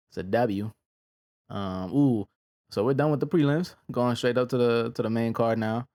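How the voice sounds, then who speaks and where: A man casually reviewing fight results in a laid-back, slangy way, with frequent pauses. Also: medium pitch, a little mellow. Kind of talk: casual reaction commentary.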